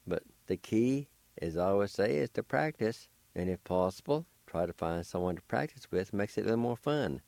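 A man teaching a language lesson on the radio, spelling words out slowly and carefully, letter by letter, in a patient way. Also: fairly low pitch, creaky, darkish tone, no room sound. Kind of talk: slow spelling and pronunciation lesson.

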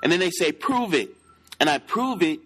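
A man's voice: on the high side, lively intonation, fast talker, sharp tone. A man giving dating advice in a casual monologue, profane and emphatic, who keeps checking in with his listeners.

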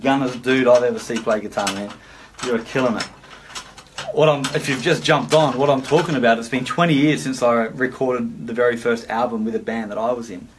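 A man's voice: medium pitch, noisy background. Middle-aged man, drum teacher, rambling and casual, swears a bit. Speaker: drum teacher and drum school owner. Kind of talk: casual vlog, showing keepsakes.

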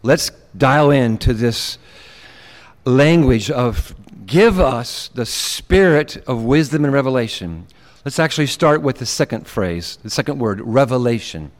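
A man who is a pastor, preaching a sermon in a casual, animated way and acting out quotes. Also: mid-range voice, measured pace. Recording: long hall reverb.

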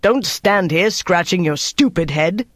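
A man's voice: on the high side, lively intonation, a little fast, no room sound. A man voicing a stern, harsh German officer who barks out commands. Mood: angry. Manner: barking, commanding.

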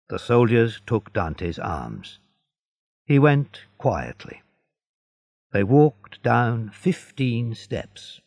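A man reading a simplified story aloud for learners in a slow, deliberate, expressive way. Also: mid-range voice, no room sound, studio quality. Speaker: narrator. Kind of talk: scripted narration for learners.

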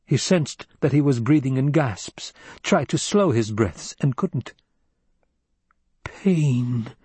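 A man reading a story aloud in a measured, unhurried narration. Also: mid-range voice, animated, darkish tone, husky, dry recording. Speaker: audiobook narrator. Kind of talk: scripted narration.

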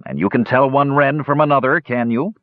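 A man voicing a grumpy, skeptical old male dwarf who speaks in a gruff, scoffing way. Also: medium pitch, brisk, no room sound, voice pushed up, natural voice. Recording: dull lo-fi recording.

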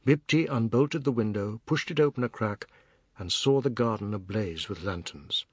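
A man reading a novel aloud in measured, even storytelling narration. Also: lowish voice, husky, no echo, clean studio sound. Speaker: audiobook narrator. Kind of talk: scripted literary narration.

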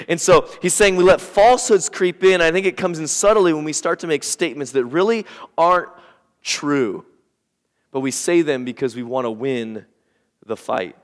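A man's voice: fairly high pitch, fairly bright tone. A male pastor preaching a sermon, talking casually and acting out the quotes in an argument. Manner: conversational preaching with acted-out quotes. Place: church sanctuary. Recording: church hall with long reverb.

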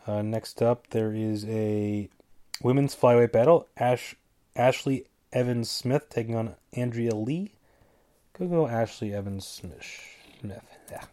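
A man's voice: mid-range voice, a little slow, mellow. A man with a stuffy nose hosting a casual solo show, rambling through picks with jokey asides and stumbling over names. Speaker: podcast host giving fight picks.

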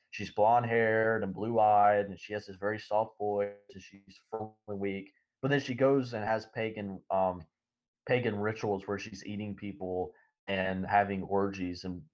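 A man in casual podcast discussion, rambling and halting with many fillers. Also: on the low side. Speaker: podcast co-host. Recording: dull lo-fi audio.

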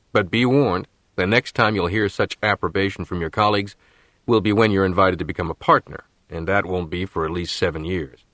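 A man's voice: sits low, a bit bright, no echo. A man voicing an older male senior partner at a law firm, formal and authoritative.

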